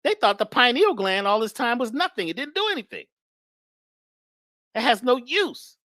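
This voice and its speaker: A woman's voice: on the high side, sing-song, normal speed, fairly bright tone, dry recording, clean studio sound. A woman guest speaker talking in an emphatic, preachy but casual way about spirituality and love. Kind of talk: spiritual talk, casual conversation.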